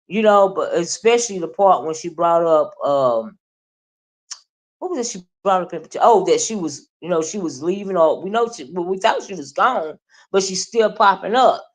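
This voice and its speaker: A woman streamer giving a casual, meandering commentary monologue, full of fillers and restarts. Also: mid-range voice. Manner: chatty, meandering, with many fillers; loud mocking imitations, laughing.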